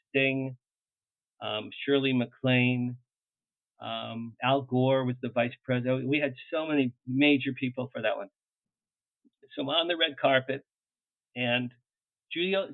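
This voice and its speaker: Guesting in an interview as a publicist, an older man spins showbiz anecdotes, animated and quick to laugh, slipping into small acted-out bits of what others said. His voice rests at an ordinary middle pitch. The sound is dry and close, coming through a thin line that resembles a phone.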